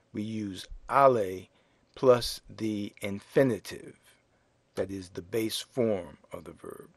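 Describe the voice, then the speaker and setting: A man teaching a French lesson in English, explaining grammar slowly and spelling out words letter by letter. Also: fairly low pitch, dry recording. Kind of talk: slow classroom explanation.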